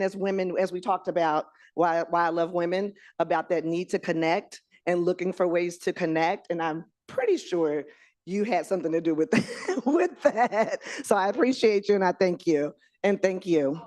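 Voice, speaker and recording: Gushing, excited woman sharing at dinner. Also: lowish voice, moderate pace. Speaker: dinner guest. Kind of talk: casual group sharing.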